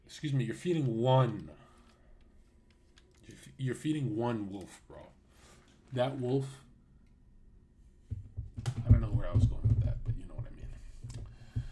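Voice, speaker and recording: A young man ranting crudely on a livestream, mocking his viewers and swinging between loud outbursts and muttered asides. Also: medium pitch, slight background noise.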